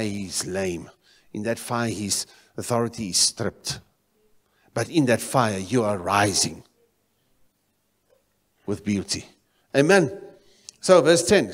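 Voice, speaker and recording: A man from South Africa preaching a sermon in a church, swinging between loud exclamations and quiet, low emphasis. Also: expressive, takes it slowly, long pauses. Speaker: pastor. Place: church sanctuary. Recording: reverberant church hall.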